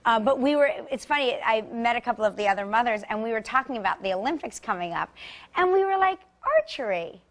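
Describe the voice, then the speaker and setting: A woman in her forties hosting a TV talk show, bubbly and excitable, chatting and laughing often. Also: a little high, quick pace. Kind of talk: casual chat. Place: TV studio.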